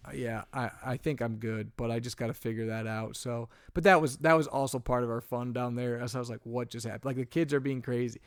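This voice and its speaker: A young man co-hosting a podcast in casual chat, recounting a story with rising, exasperated energy. His mid-pitched voice sits close and dry on the mic, with no room sound around it. He talks in loose, rambling runs, full of restarts. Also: fairly quick, few pauses, smooth, dry recording. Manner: animated storytelling, gets louder and higher when exasperated. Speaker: podcast co-host.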